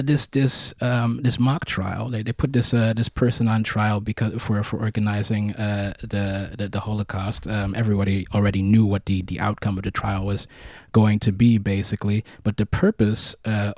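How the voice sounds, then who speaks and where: A man co-hosting a casual podcast, talking in a halting, rambling way with many ums and restarts. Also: lowish voice, a little mellow, no echo. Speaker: podcast co-host.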